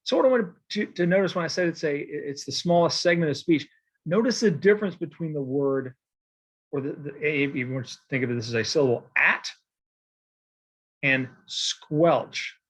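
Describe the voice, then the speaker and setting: A man teaching a recorded poetry lesson in a casual, rambling way, checking in with "okay?" and filling pauses with "um" and "uh". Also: a little high. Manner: casual and digressive, with many fillers and "okay?" check-ins. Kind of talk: recorded lecture with slides.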